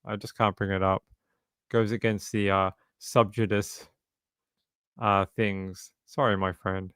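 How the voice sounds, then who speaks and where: A chatty Australian man in his forties hosts a casual livestream, answering his viewers and joking around. He often repeats himself as he talks. His voice comes through smooth and clear, close and dry with no room sound. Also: fairly low pitch, flat delivery, slow pace, a bit bright, dry recording. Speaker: livestream host. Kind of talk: casual live-stream chat answering viewers.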